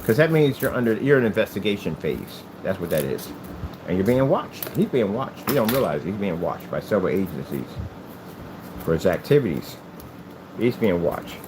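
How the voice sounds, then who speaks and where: A man's voice: sits low, sing-song, normal speed, noisy background. A man from the United States talking in a rambling, emphatic vlog monologue about his hobby channel. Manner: emphatic, repetitive ranting. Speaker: hobby crafter and channel owner.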